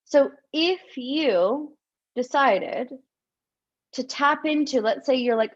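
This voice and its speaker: A woman love coach guiding listeners through a visualization, speaking softly and encouragingly with gasps and repeated words. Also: high-pitched. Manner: soft, encouraging, with gasps and drawn-out sighs. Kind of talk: live-streamed guided visualization. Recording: dull lo-fi stream audio.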